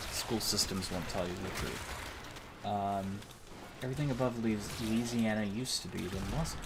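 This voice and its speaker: A man's voice: lowish voice, background noise. An American man streaming a game, chatting casually in a joking, rambling way with frequent laughs and casual swearing. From United States. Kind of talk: casual gaming livestream chat.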